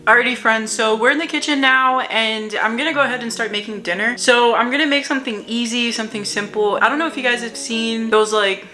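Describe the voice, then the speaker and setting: A young woman with a slightly high voice talks to her viewers in a hyper, playful, chatty way. She is cooking in her home kitchen. Music plays clearly under her voice. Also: fairly quick, hardly any pauses, bright, forceful tone. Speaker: vlogger. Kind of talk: casual cook-with-me vlog.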